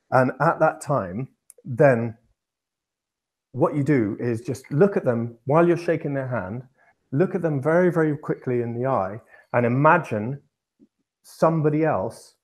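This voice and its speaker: A man from England co-hosting a podcast, explaining at length in a casual, rambling way with many restarts. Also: mid-range voice. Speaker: podcast co-host.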